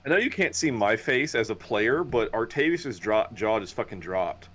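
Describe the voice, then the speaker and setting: A man's voice: fairly low pitch, animated, moderate pace, a bit bright, faint music behind. A man chatting casually as a player in a tabletop game, laid-back and joking. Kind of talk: casual chat.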